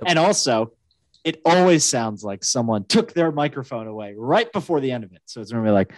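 A man's voice: mid-range voice, brisk. A man co-hosting a casual podcast, chatty and joking as he tells stories. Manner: chatty, joking, animated storyteller. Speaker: podcast co-host. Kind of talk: casual chat.

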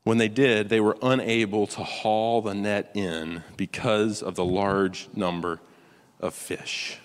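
A man preaching a sermon in a conversational, storytelling way, dropping to a hush for quoted lines. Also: fairly low pitch, fairly even intonation, takes it slowly. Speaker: pastor. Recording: long hall reverb.

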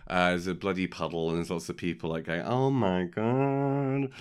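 A deep-voiced man chats casually as a podcast co-host. He rambles and jokes, filling gaps with plenty of ums. His voice is smooth and clear. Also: completely flat delivery, fast talker, fairly bright tone. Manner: rambling, filler-heavy, jokey. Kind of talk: casual chat recapping a film.

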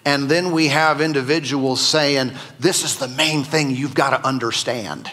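A male pastor gives a sermon with a bright, forceful voice that rings with a long reverb through a church sanctuary. He keeps it conversational and jokes with his listeners between points. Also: medium pitch, measured pace. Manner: conversational and joking with the congregation.

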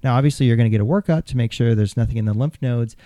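A man hosting a casual podcast as a plastic surgeon, explaining things in a relaxed way with lots of fillers and jokes. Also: medium pitch, very fast, no echo, studio quality.

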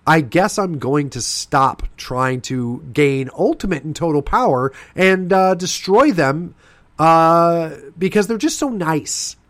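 A man's voice: fairly high pitch, expressive, slow, fairly bright tone, no room sound, voice pushed up. A man mimicking a whiny, smug liberal. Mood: mock sincerity. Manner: sarcastic, sing-song mimicry.

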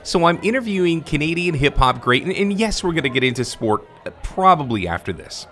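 A man's voice: on the high side, sing-song, brisk, a bit bright, faint music behind. A man hosting a podcast, looking back on favourite interviews in an enthusiastic, conversational way. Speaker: podcast host. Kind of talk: reflective show narration.

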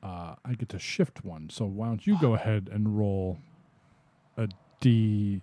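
A man's voice: lowish voice, a little slow, warm tone, no room sound. Argumentative man in casual banter. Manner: argumentative, teasing, profane. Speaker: podcast co-host and player.

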